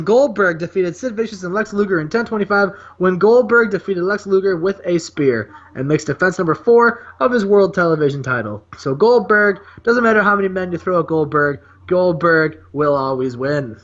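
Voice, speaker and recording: A man hosting a casual podcast, excitedly recapping wrestling matches and laughing often. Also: sits high, highs cut off. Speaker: podcast host.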